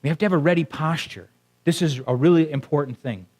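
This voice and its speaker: A male pastor delivers a sermon to his congregation in a church sanctuary, his voice on the high side, fast and slightly mellow. He keeps the tone conversational, often pausing to put questions to the people in front of him.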